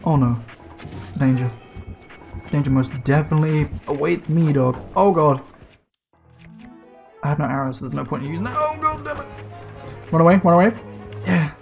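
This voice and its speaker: A man giving casual gameplay commentary, excitable and slangy, swearing and yelping as he plays. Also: on the high side, normal speed, creaky, long pauses, over music. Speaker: let's play gamer.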